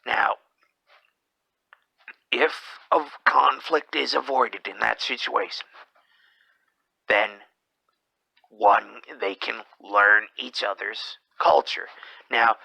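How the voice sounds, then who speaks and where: A man with a gravelly, fried voice drifts through a brooding monologue at a very slow pace, often sinking into whispers partway through a sentence. His tone is sharp and tense rather than soft. The sound is dry and close. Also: lowish voice, dry recording, poor audio. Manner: slips into whispers mid-sentence; rambling, hesitant delivery. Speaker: podcast host.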